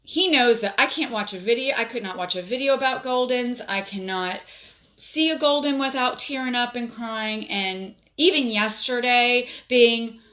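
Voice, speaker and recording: A woman from South Florida hosts a casual live stream from home on her phone, recounting a story with plenty of fillers and emotion. She speaks at a moderate pace in a fairly high, slightly bright voice.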